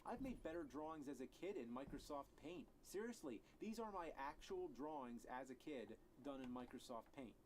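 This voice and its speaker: A man giving a comedic rant review of a video game, sarcastic and profane, breaking into angry yells. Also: mid-range voice, expressive, moderate pace, few pauses, a little hiss or hum.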